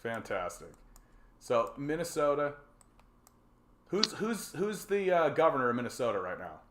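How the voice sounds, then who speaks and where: His mid-range voice swings widely in pitch as this Canadian livestream host talks at normal speed with a fairly bright tone in an echoey room. The casual call-in show is rambling and jokey, full of swearing, fillers and restarts.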